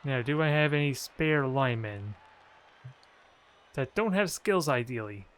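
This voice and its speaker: A man's voice: medium pitch, lively intonation, measured pace, fairly bright tone, clear, resonant tone. A man casually commentating his own video game match, joking and trash-talking his opponent. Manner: playful, jokey trash talk.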